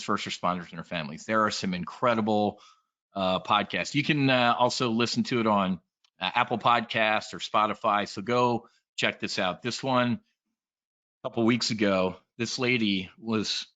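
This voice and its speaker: A man delivers an animated trading briefing, joking and calling out to the room. His voice is bright and pushed forward. The recording is muffled and lo-fi. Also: on the low side. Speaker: trading educator. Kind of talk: energetic presentation to an audience. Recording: dull lo-fi sound.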